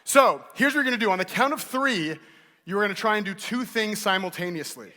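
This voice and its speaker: Keynote speaker, male, playful and energetic, bright tone, echoing large hall. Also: high voice, fairly quick. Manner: joking, teasing and energetic. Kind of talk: playful stage talk to a live audience. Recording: hall reverb.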